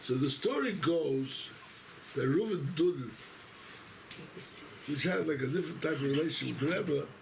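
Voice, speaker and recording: A rabbi with a gravelly, fry-edged voice tells a story to his congregation. He rambles and keeps interrupting himself as he goes. The recording is noisy, with steady room sound behind him. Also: fairly high pitch, moderate pace, pauses often. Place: synagogue.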